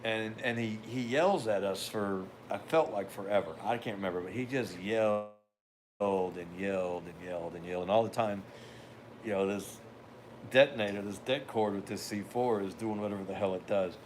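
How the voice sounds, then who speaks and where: Low-voiced older man spinning a rambling yarn. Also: normal speed, slight background noise. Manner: rambling anecdotal delivery with wry asides. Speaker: podcast host. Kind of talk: casual storytelling.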